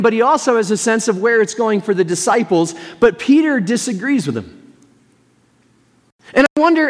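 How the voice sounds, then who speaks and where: A male pastor with a fairly high voice preaches to his congregation. He reads scripture aloud, then moves into relaxed, conversational reflection. His voice rings with a long reverb, as if in a large hall. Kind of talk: sermon.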